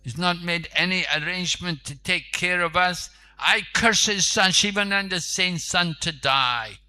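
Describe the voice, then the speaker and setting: Storytelling preacher man voicing an angry, impatient holy master; loud and demanding, bright tone. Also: sits high, measured pace, clear, resonant tone, voice pushed up, full character voice. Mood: indignant. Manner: indignant, raised demanding voice. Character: impatient divine master cursing angrily.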